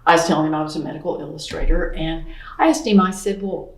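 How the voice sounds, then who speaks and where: Middle-aged woman, lowish voice, earnest storyteller with many asides, roomy echo. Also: quick pace. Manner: earnest, many "I mean" asides, acts out quoted speech. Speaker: interview guest, painter. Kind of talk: personal storytelling in an interview.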